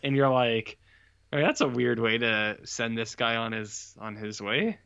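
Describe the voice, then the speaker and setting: A man co-hosting a podcast, casually retelling a horror film in a rambling, animated way. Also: medium pitch, a little slow, gravelly, smooth, no echo, lo-fi sound. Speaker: podcast co-host reviewing horror films. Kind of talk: casual chat.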